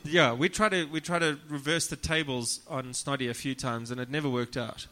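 A man's voice: mid-range voice, steady tone, normal speed, bright, forceful tone. A man, a comedian guest, telling crude, self-deprecating stories on a casual podcast and often laughing as he talks. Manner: laughs through his own stories.

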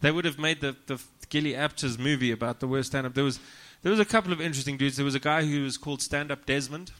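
Deadpan South African comedian, bright voice. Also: male voice, mid-range voice, quick pace. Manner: deadpan, profane, self-mocking. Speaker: comedian guest. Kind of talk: casual podcast chat, comic storytelling.

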